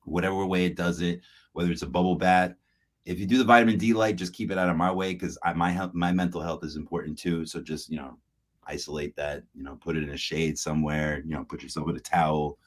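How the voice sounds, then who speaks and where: A man's voice: sits low, fairly even intonation, fast talker. A man hosting a podcast, chatting casually and telling stories, acting out the voices of people he quotes and laughing often. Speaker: podcast host.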